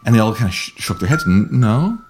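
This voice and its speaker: A middle-aged man telling a story in casual chat, playful and animated, slipping into voices for the people in it. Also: racing, music in the background. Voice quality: husky, animated with wide swings in pitch. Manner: playful, acts out voices in his anecdotes. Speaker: storyteller, podcast guest.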